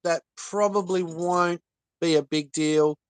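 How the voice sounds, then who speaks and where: Earnest halting man, close and dry. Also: a little high, fairly even intonation, clear, resonant tone, dry recording. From Australia. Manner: earnest, halting, many fillers. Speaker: livestream guest. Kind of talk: casual livestream talk.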